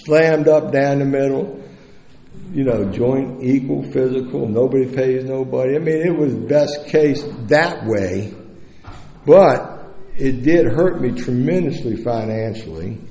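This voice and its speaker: Gravelly-voiced man sharing his story. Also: medium pitch, a little slow, mellow. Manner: blunt, profane and candid. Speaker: recovery convention speaker. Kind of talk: personal recovery story told to an audience. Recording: echoey hall with long reverb.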